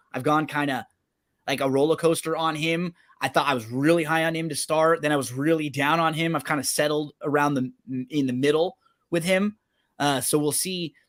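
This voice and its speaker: A man's voice: a little high, a bit bright. A man co-hosting a sports betting show, talking through teams and schedules in a conversational way and often checking in with his partner. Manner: conversational, checks in with tag questions. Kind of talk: casual sports betting analysis.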